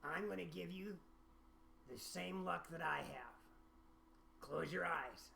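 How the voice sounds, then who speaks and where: A man's voice: a little high, slow pace, creaky, bright, forceful tone, slight background noise. A man playing a tabletop game in character, talking in a playful, coaxing way. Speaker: player.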